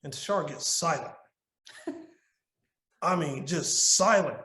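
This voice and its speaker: A man's voice: a little high, expressive, takes it slowly, pushed and bright. A middle-aged man talking as a podcast guest, giving earnest advice on marriage in a conversational way and often repeating and restarting words as he tells a story. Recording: roomy echo.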